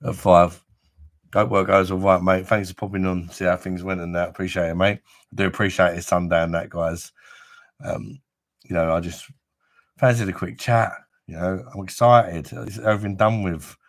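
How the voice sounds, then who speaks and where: A man chatting casually on a live stream, rambling and swearing freely, with a chesty cough from an infection. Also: sits low. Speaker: livestream host.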